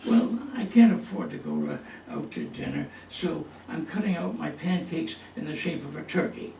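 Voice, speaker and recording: A man's voice: fairly high pitch, huge pitch swings, normal speed, creaky, noisy background, exaggerated voice. A man voicing a sheepish, frugal friend in a comic story, with a matter-of-fact, apologetic tone. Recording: echoey hall, distant mic.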